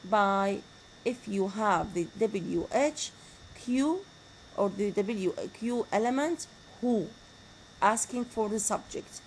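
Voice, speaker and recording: A woman giving a grammar lecture, slowly repeating example sentences. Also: on the high side, darkish tone, a little hiss or hum, low-quality recording. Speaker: university lecturer.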